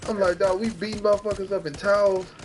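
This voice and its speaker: A man telling a story in a casual, animated way, jumping into high voices to act out what others said. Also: fast talker, over a noisy crowd. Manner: animated, acts out quotes with big pitch jumps. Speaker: podcast guest telling a story.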